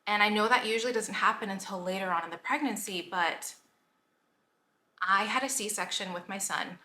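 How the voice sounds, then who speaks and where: A woman's voice: medium pitch, normal speed, pushed and bright. A woman in her thirties, chatting casually in a pregnancy vlog, emotional and a bit out of breath, with many filler "like"s. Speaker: health coach and vlogger. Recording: echoey room with faint noise.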